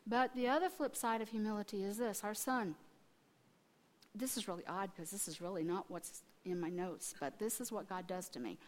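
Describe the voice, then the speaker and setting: Animated woman preaching in a reverberant hall. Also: mid-range voice, normal speed. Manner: animated storytelling, acting out quotes with restarts. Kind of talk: sermon. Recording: long reverb of a large hall.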